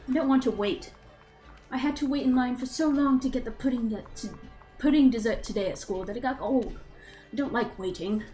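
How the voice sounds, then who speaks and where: A woman's voice: a little high, a little mellow, close to an everyday voice, poor audio. A woman voicing a bitter, resentful young man with a British accent, reading his diary aloud and swearing.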